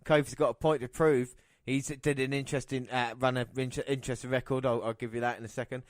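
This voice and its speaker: A podcast host talks fast at a medium pitch with a level tone, recorded in clean studio sound with no room echo. He chats casually on a wrestling podcast, calling the match action play by play.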